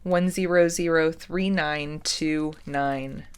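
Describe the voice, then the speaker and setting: A woman hosting a jewelry-making unboxing vlog, gushing with excitement and often dropping to a soft whisper. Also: low voice, takes it slowly, clean tone. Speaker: jewelry-making channel host.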